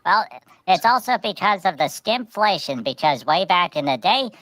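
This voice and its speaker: A woman hosting a comedy show, telling silly stories in a halting, rambling way. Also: on the low side, very animated, a bit bright, no room sound, low-quality recording. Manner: halting, many restarts and "you know". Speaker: host. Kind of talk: rambling comic storytelling.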